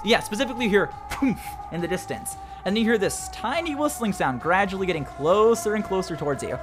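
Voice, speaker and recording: A young man narrating as game master in a tabletop game, casual and quick to laugh. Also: sits high, over music. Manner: laughs often, casual and animated.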